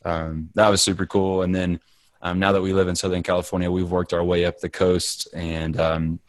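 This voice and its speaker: A man's voice: low-pitched, level tone, normal speed, dry recording, studio quality. A man co-hosting a podcast, chatting casually and telling stories in a playful, enthusiastic way. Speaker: podcast co-host. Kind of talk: casual chat.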